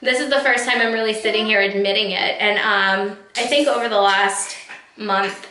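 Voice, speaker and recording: This medium-pitched, sharp-toned woman in her thirties speaks at normal speed with fairly even intonation, filming a get-ready-with-me vlog at home. Her candid, heartfelt talk wanders and is full of fillers, recorded on a camera mic with roomy echo and slight background noise.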